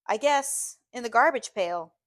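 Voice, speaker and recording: A woman's voice: fairly high pitch, expressive, measured pace. A woman voicing a blunt middle-aged Southern housemaid, firm and plainspoken. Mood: firm reassurance.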